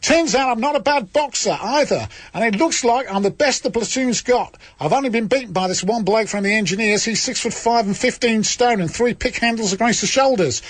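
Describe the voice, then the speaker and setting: A man voicing a tough young Australian farm girl in the army, in a mock Australian accent, with a husky, boastful delivery as he reads her letter home. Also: very high voice, fairly quick, few pauses, dry recording, pitched above the performer's own voice.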